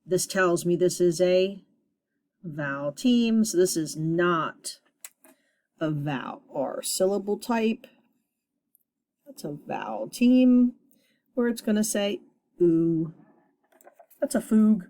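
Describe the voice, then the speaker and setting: Female teacher, slightly low voice, cheerful, stretches out phonics sounds for kids. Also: lively intonation, a little mellow. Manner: upbeat, deliberate sounding out of sounds. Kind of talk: recorded phonics lesson for young students.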